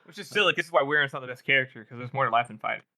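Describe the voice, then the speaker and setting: A man co-hosting a book podcast, adding quick opinionated asides in casual chat. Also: medium pitch, sharp tone. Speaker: podcast co-host.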